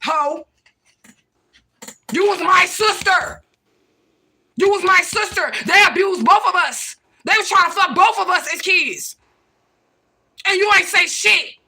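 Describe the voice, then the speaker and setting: A woman's voice: sits high, sharp tone. A woman hosting a livestream, talking to her viewers in a heated, profane, confrontational rant and repeating her points. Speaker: livestream host.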